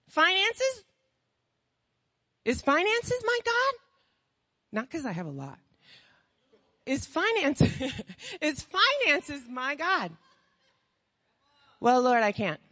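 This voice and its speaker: A woman preaching a sermon with passion, firing rhetorical questions and swinging from hushed tones to shouting. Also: sits high, huge pitch swings, extremely slow, pauses often, in a large hall.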